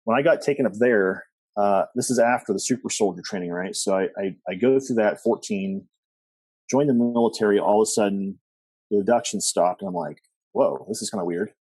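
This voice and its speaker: Middle-aged male podcast guest, rambling storyteller, low and mellow voice, husky and dry. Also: a little fast, no echo. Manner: rambling with many fillers and restarts, animated quoting. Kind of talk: storytelling interview.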